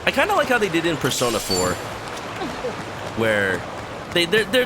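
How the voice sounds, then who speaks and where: A man's voice: fairly high pitch, huge pitch swings, a little slow, long pauses, noisy background. A male streamer giving casual, rambling, joking commentary over gameplay.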